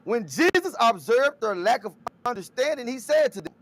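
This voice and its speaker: A man co-hosting a casual talk show, retelling scripture scenes in an animated, storytelling way. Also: extremely high pitch, normal speed. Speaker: co-host.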